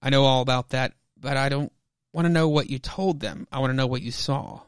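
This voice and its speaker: A man voicing a calm, steady adult woman who hunts monsters, speaking in a low-key, reassuring way. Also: brisk, clean tone, dry recording, studio quality, close to an everyday voice.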